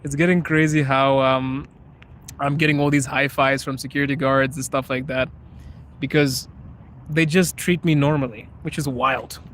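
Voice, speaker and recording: A man's voice: mid-range voice, little pitch movement, moderate pace, fairly bright tone, a little hiss or hum. A young man hosting a casual live chat outdoors on a city street, talking in an emphatic, earnest way. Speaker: livestream host.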